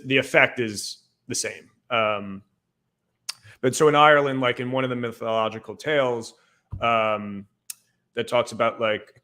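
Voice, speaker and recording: A man's voice: medium pitch, sharp tone. Man explaining in a loose, casual way. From Northeastern United States. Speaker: guest. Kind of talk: casual podcast discussion.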